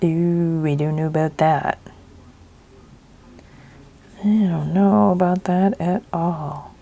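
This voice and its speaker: A woman's voice: lowish voice, takes it slowly, gravelly, warm tone. A woman hosting a craft video, chatting casually and thinking aloud as she works, often half-whispering and mumbling to herself. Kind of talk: casual narration while crafting.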